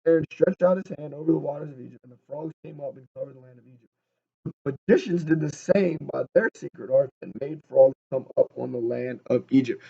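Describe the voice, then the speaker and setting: A man's voice: on the high side, quick pace, vocal fry, darkish tone. A man leading a casual Bible study, reading scripture aloud and then riffing on it with humor in a chatty way. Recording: dull lo-fi recording.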